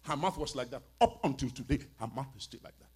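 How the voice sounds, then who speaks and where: A male preacher telling stories in a sermon, dramatic and swinging between hushed and loud. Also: medium pitch, animated, fast talker, husky. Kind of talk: storytelling sermon.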